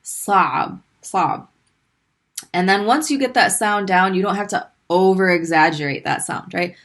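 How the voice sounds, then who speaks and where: A woman teaching a recorded online language lesson, patiently sounding out syllables slowly between brisk explanations. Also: mid-range voice, fairly bright tone.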